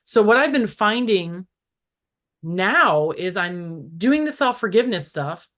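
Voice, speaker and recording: A woman's voice: mid-range voice, slow pace. A middle-aged woman in casual spiritual conversation as a podcast guest, telling stories animatedly with many "like" fillers. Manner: animated storytelling, acts out voices in quotes; frequent "like" fillers.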